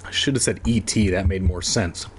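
A man's voice: sits low, normal speed, slight background noise. A young man reading a children's horror story aloud as host, breaking off for joking asides. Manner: lively, joking, swears in asides.

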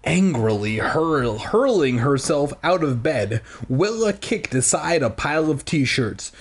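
A man's voice: fairly high pitch, very animated, takes it slowly. A young man reading a children's horror storybook aloud in a casual, irreverent way, ad-libbing crude jokes. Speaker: storybook reader.

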